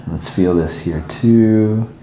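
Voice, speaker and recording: A man working as a chiropractor, calmly giving short instructions to a patient during treatment. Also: on the low side, takes it slowly, a little hiss or hum. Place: treatment room.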